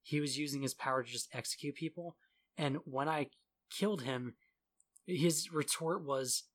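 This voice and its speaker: A man's voice: fairly high pitch, normal speed, a bit bright. Sarcastic man in casual gaming chat. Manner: sarcastic, laughs often, mocks voices.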